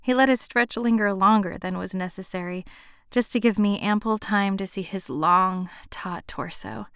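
A woman's voice: medium pitch, moderate pace, clear, resonant tone, no echo, clean studio sound. Woman reading a first-person romance story. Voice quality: expressive, lively storytelling. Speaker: narrator.

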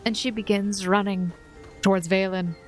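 Casting: woman game master, calm descriptive narration for a tabletop game, faint music behind. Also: medium pitch. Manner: descriptive, unhurried, with soft laughs.

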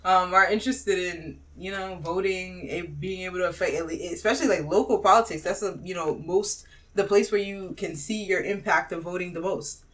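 A woman's voice: lowish voice, a little fast, distant mic. A young woman co-hosting a casual political chat, laughing often and talking with lots of fillers. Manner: loose, laughing, filler-heavy talk. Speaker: podcast co-host.

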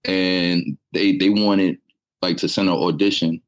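A man's voice: low voice, level tone, unhurried. A young man from New York, a poet who is a guest on an interview show, talking in a laid-back, reflective, slangy way. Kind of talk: casual interview chat.

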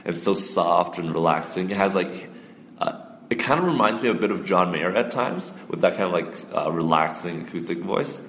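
A low-voiced man hosts a casual music podcast, chatty and easily excited. His voice bounces around an echoey room with a long reverb tail. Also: a little hiss or hum. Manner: excitable, quick to gasp and exclaim. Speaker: podcast host.

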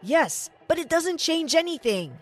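An angry pawn shop man shouts his accusations, as a woman narrator puts him on. The voice stays high and light, with faint music beneath the story. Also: big pitch swings, unhurried. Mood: accusing. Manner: loud, accusing.

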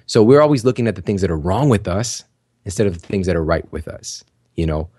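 A man's voice: low-pitched, lively intonation, quick pace, mellow, breathy edge, no room sound, studio quality. A man hosting a podcast, giving casual, encouraging advice straight to his listeners, with lots of "you know" and "like". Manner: conversational, full of "you know" and "like" fillers; encouraging, addresses listeners directly. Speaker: podcast host. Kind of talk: casual motivational talk.

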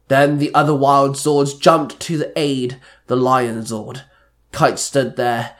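A male storyteller reading a homemade adventure story aloud at a very unhurried pace. His voice is mid-pitched and even, with a plain, steady read-aloud delivery. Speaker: story reader.

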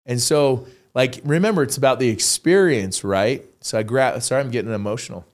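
A man telling stories as a podcast guest in a casual, animated, slangy way. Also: medium pitch, fairly quick. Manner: animated, slangy, acts out quotes. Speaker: podcast guest, real estate agent. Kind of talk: casual storytelling interview.

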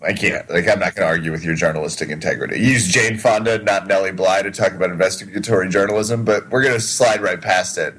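Man, husky voice, low pitch, wry teasing podcast banter. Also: fairly even intonation, fast, hardly any pauses, a bit bright, poor audio. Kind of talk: casual chat.

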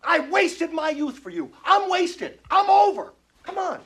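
A man's voice: fairly high pitch, sing-song, fairly quick, sharp tone, slightly rough, full character voice. An actor playing a bitter middle-aged male executive who throws a childish, sarcastic tantrum in film dialogue. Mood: ranting.

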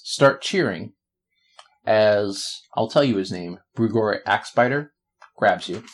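A man's voice: on the low side, animated, slow pace. A man acting as game master, narrating a tabletop game with joking asides.

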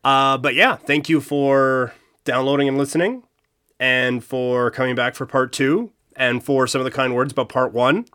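A man co-hosting a casual history podcast, relaxed and jokey, with crude asides. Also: medium pitch, moderate pace, smooth. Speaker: podcast co-host.

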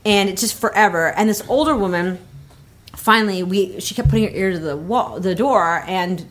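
A young adult woman telling a story in casual conversation, animated and laughing as she talks. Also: mid-range voice, normal speed. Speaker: comedy podcast guest.

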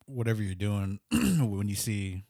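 Low-voiced rambling man, dry mic. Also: animated, measured pace, mellow, no room sound. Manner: rambling, filler-heavy. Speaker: musician guest. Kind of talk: casual chat.

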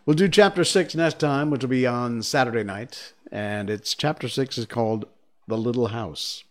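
A man's voice: medium pitch, normal speed. A man streaming, reading a children's book aloud and chatting casually with viewers afterward. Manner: lively, expressive, chatty with fillers. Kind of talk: read-aloud narration and casual stream chat.

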